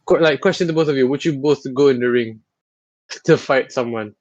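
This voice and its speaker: A man's voice: medium pitch, a little fast, darkish tone, dry recording, highs cut off. A man co-hosting a podcast in casual chat, rambling and teasing his friends with frequent laughter. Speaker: podcast co-host.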